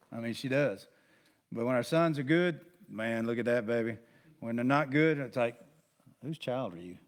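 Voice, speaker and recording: Male pastor leading a casual Bible study; folksy, rambling teacher, chatty asides. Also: medium pitch. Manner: rambling, conversational, with many restarts and asides; folksy, plain-spoken.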